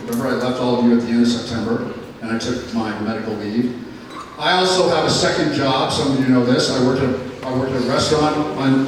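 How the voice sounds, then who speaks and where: A man stands in a school chapel and tells a personal story in an earnest, plainspoken manner, pausing often. His voice sits at an ordinary middle pitch. It is picked up from a distance and rings with the long reverb of the hall, with faint room noise behind it. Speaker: school staff member giving a chapel talk. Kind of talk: personal testimony speech. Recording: echoey hall from far off.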